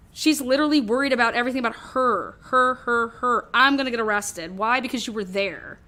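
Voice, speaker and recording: A woman's voice: a little high, fairly bright tone. Swearing, rambling woman true crime host. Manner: rambling, swearing, acts out others' voices. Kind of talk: casual theorizing talk.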